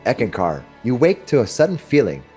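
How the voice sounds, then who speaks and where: A man narrating a tabletop game as game master, telling the scene with animated, laughing energy. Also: mid-range voice, fairly quick, faint music behind.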